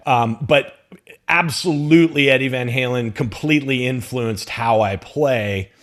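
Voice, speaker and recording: Male podcast host, mid-pitched voice, casual and enthusiastic interviewer. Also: measured pace, fairly bright tone. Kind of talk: casual chat.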